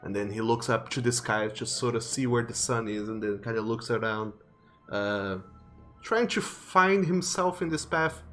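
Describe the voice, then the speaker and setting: A man narrating a tabletop role-playing game as game master, in slow, halting description. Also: medium pitch, a bit bright, faint music behind.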